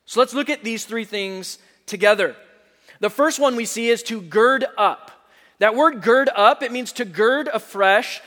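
A man preaching a sermon as a pastor, telling lively stories and rising to shouts. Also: sits high, in a large hall.

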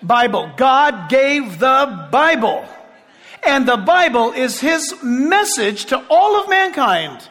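A man preaching a sermon with passion, shouting at points and making sarcastic asides. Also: very high-pitched, big pitch swings, slow, big-room sound, soft background music.

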